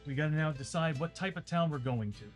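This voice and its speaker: A man streams a tabletop game, rambling and chatting straight to his viewers with a dry throat. His voice is on the high side and fast, with faint ambient music in the background.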